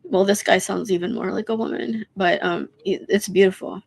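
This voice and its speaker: A hoarse woman who is losing her voice, chatting in a scattered, rambling way on a live stream and swearing freely. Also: medium pitch, steady tone, moderate pace.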